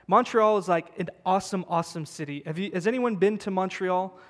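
A man preaches a sermon as a pastor in a church sanctuary, his voice sitting high with a brisk pace and a fairly bright tone. He is emphatic yet conversational, repeating words for stress. The recording carries the long reverb of a church hall.

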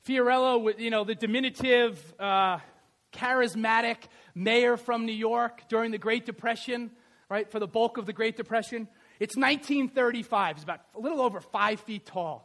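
A man preaching a sermon as pastor, swinging from loud emphatic lines to quiet conversational asides with fillers and self-corrections. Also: sits high.

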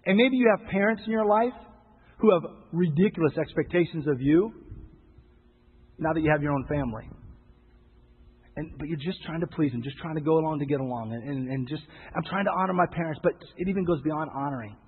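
A man preaching with a somewhat high, husky voice and a conversational, emphatic delivery that repeats phrases and acts out quoted voices. The sound is thin and phone-like, with a long reverb from a large hall. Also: a little fast. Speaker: pastor. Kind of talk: sermon.

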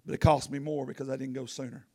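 A man preaching a sermon, telling a folksy story that swings from loud to hushed. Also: mid-range voice, level tone, fast talker. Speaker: pastor.

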